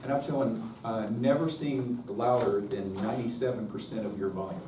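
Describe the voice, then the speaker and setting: A folksy man with a North Carolina twang lecturing at a choral workshop, his voice sitting at an ordinary middle pitch. He is picked up from a distance in a roomy space. A faint hiss runs underneath. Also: fairly even intonation, moderate pace. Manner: folksy, chatty, demonstrates by singing. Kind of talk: workshop lecture with sung demonstrations.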